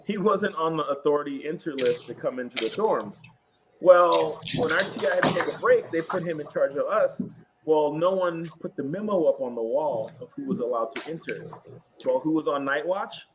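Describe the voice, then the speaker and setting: A young man hosting a casual veterans' chat, telling stories from basic training and shouting out the drill instructors' lines. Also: on the high side, moderate pace, noisy background. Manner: animated, acts out yelling drill instructors. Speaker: podcast host. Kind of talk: casual storytelling among veterans.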